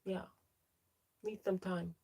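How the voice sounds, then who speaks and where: A woman's voice: medium pitch, little pitch movement, slow, vocal fry, dark tone, slightly rough. A young trans woman hosting a casual livestream, chatting as she reads out viewer names and answers their comments. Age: young adult. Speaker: livestream host.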